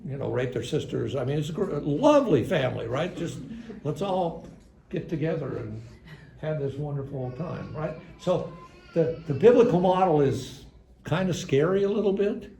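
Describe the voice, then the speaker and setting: A man's voice: a little high, expressive, moderate pace, vocal fry, warm tone. An older man giving a conversational church parenting seminar with dry, ironic humor, recorded in a church hall. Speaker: seminar speaker, psychologist. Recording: echoey hall with faint room noise.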